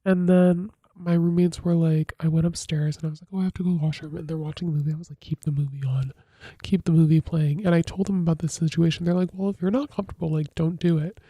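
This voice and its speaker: A young woman hosting a podcast, telling a casual confessional story in a chatty, filler-heavy way with sudden dramatic jumps in pitch. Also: little pitch movement, fast, hardly any pauses, warm tone, dry recording. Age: young adult. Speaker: podcast host.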